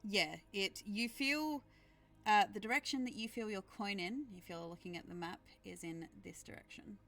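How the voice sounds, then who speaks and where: Woman, game master, calm tabletop narration, mid-pitched voice. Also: moderate pace.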